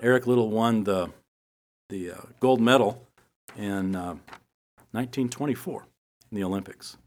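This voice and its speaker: A man's voice: on the low side, moderate pace. Man teaching Bible with light humor. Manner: conversational storytelling with humor. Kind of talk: sermon with personal stories.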